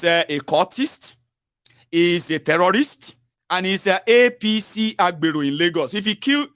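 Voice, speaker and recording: Nigerian male host, higher pitch, dry close sound, urgent and repetitive, studio call-in. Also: a bit bright, no room sound. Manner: urgent, repetitive, fillers and tags like "oh" and "sure you get". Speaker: talk show host. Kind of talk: political call-in talk.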